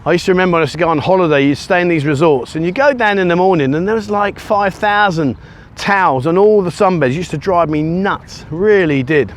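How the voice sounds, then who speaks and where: A middle-aged Englishman from the UK, a vlogger, talks in a high voice at a slightly quick pace while filming himself with a handheld camera held at arm's length. He chats casually and rambles, dropping self-mocking asides, on a walking vlog along a sunny beachfront beside a busy road, with faint traffic noise in the background.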